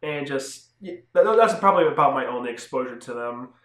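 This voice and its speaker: A man's voice: medium pitch, lively intonation, a little fast, fairly bright tone. A young man casually reviewing comic books on his channel, talking loosely with lots of fillers and restarts. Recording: echoey room.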